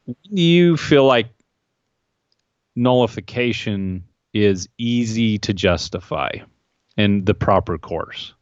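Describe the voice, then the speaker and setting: A man with a low voice hosts a political podcast discussion. He is opinionated and wry, and he presses his guest with pointed questions. The sound is dry and a little dull. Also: lively intonation, slow, clear, resonant tone, dry recording. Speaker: podcast host.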